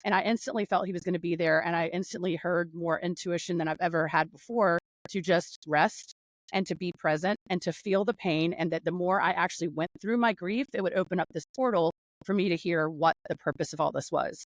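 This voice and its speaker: Animated woman from North Carolina. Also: lowish voice, brisk, no room sound, poor audio. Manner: animated, laughing, rambling storytelling. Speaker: guest. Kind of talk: casual conversational interview. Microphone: video call.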